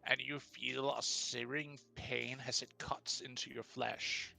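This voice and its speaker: A man's voice: mid-range voice, little pitch movement, takes it slowly, creaky, pushed and bright. A man running a tabletop game as game master, narrating the action in a dry, matter-of-fact way.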